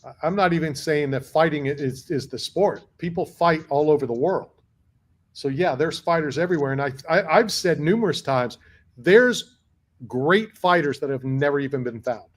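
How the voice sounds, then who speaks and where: A man's voice: on the high side, moderate pace. A man hosting a talk radio show in casual chat, arguing his points and repeating words as he goes. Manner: repeats himself, argumentative.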